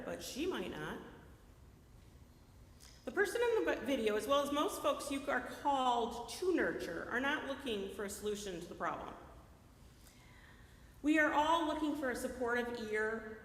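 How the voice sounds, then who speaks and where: A woman preaching a sermon in a lively, conversational way, often checking in with her listeners by asking "right?". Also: sits high. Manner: animated, keeps checking in with the audience by asking "right?". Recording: echoey hall with long reverb.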